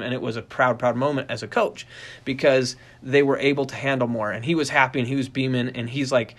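Animated middle-aged man explaining dog training. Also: brisk. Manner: animated storyteller, acts out quoted voices in a high pitch; rambling with frequent restarts and fillers. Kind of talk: casual instructional talk.

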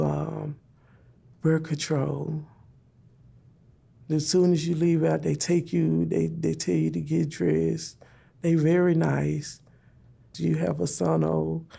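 A woman's voice: low voice, gravelly, mellow, slightly rough. A woman telling an emotional personal story in plain, repeated phrases, speaking her prayers aloud.

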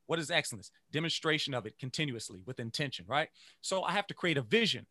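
A man who teaches music, giving an energetic motivational talk to teachers and chanting phrases in rhythm. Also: medium pitch, fast, dry recording. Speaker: music educator.

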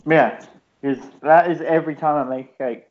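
A man's voice: on the high side, fairly even intonation, moderate pace. Rambling, swearing man on a podcast. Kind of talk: casual chat. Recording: dull lo-fi sound.

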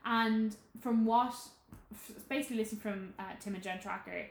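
A woman with an Irish accent co-hosting a podcast in casual chat, excitable and acting out her reactions. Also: mid-range voice, normal speed, vocal fry, echoey room. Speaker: podcast co-host.

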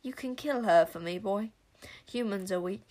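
A woman's voice: mid-range voice, moderate pace, darkish tone, lightly acted. A woman voicing a cruel male witch monster who croons and whispers his threats in a storybook. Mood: menacing.

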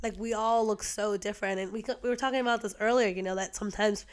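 A young woman from Peru chatting casually, animated and acting out quoted people. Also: mid-range voice, quick pace. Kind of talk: casual chat.

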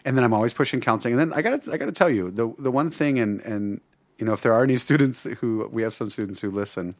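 A man's voice: medium pitch, quick pace, no echo, studio quality. A middle-aged man, a Bible teacher, talking earnestly in casual conversation and rambling with many restarts.

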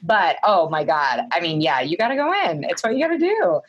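A woman co-hosting a podcast, recapping a film in casual chat, swearing freely and acting out the characters in quick voices. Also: on the low side, muffled recording. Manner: profane, animated, acts out characters in quick voices. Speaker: podcast co-host.

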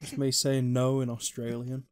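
A man's voice: mid-range voice, level tone, moderate pace, darkish tone, clean tone. A man co-hosting a casual podcast chat, giving dry short quips. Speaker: podcast co-host.

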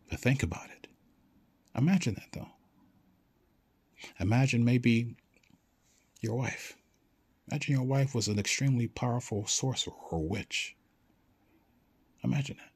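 A man talking casually and with excitement, swearing now and then and acting out short back-and-forth exchanges as he urges listeners to imagine things. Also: mid-range voice, husky. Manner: animated, swears casually, acts out quick dialogues. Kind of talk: casual motivational monologue.

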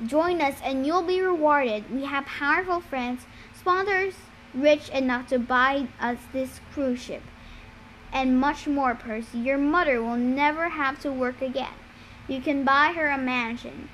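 A man's voice: very high voice, measured pace, bright, forceful tone, slight background noise, full character voice, low-quality recording. A woman voicing a scheming young male villain who speaks in a coaxing, persuasive way.

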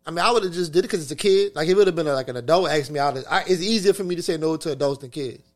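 A man's voice: on the high side, rapid-fire. A young adult man co-hosting a podcast in casual chat, profane and emphatic. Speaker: podcast co-host.

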